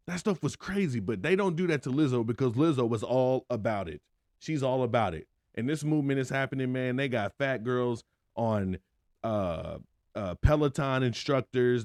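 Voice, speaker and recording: A man's voice: mid-range voice, a little mellow, no room sound, clean studio sound. A man hosting a podcast, giving an opinionated solo monologue in an emphatic, conversational way, full of rhetorical questions. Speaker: podcast host.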